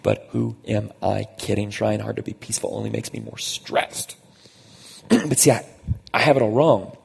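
A man preaching a conversational sermon as a pastor, emphatic and slowing down on key phrases. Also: fairly low pitch, creaky, breathy edge, long reverb tail.

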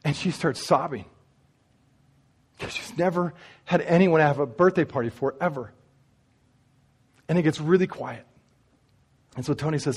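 A man preaching, telling a story and speaking straight to the congregation in an animated way. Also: fairly high pitch, fairly quick, pauses often. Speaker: pastor. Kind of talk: sermon storytelling.

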